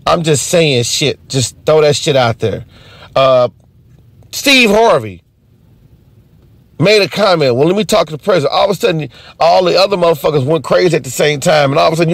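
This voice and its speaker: A man rants through an unscripted, profane comedy monologue. His voice sits a little high and swings widely in pitch. The recording is dry and close, with no room sound. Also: creaky, no room sound. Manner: profane, ranting, animated.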